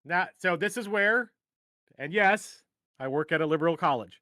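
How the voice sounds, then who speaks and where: A man's voice: on the high side, lively intonation, normal speed, sharp tone, no room sound, studio quality. A middle-aged man hosting a casual live stream, rambling and joking at his own expense. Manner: rambling, joking, self-deprecating. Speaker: host.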